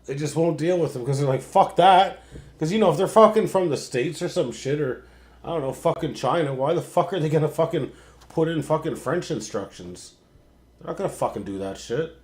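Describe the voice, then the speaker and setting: A young man hosting a late-night sports livestream, ranting, swearing constantly and working himself up into shouting. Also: a little high, a little fast. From Canada. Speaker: sports show host. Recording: roomy echo.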